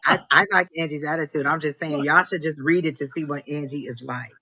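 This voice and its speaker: A woman's voice: low voice, fairly even intonation, fairly quick, pushed and bright, husky, dull audio. A woman co-hosting a live stream, playful and teasing in casual chat. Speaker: co-host.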